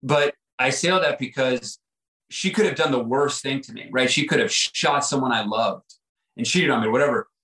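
A man's voice: medium pitch, moderate pace, bright, forceful tone. Guy opening up about his past on a podcast, earnest and reflective, lots of "like" and "right?", medium voice, some room echo. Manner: earnest, reflective, repeats words with frequent "like" and "right?". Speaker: podcast guest. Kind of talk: personal storytelling.

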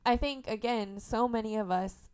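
A young woman from Indiana, a podcast guest in casual conversation, telling lively stories about her family and laughing often. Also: fairly high pitch, normal speed, clear, resonant tone. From Indiana, USA. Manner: animated storyteller, laughs often. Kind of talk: casual interview chat.

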